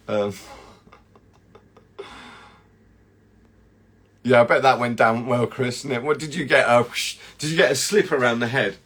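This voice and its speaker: A man's voice: mid-range voice, normal speed, pauses often, fairly bright tone, breathy edge. A man, a chocolatier hosting a casual live chat and rambling through viewer comments.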